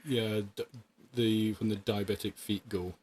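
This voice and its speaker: A British man hosting a podcast, chatting casually and telling work stories in a relaxed, wry way. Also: lowish voice, unhurried, slightly rough. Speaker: podcast host. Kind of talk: casual storytelling chat.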